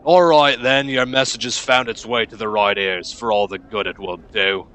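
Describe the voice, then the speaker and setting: Burly angry dock foreman, loud and scolding, read aloud by a man. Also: on the low side, fairly even intonation, moderate pace, natural voice. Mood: gruff. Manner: loud, scolding, rough talk.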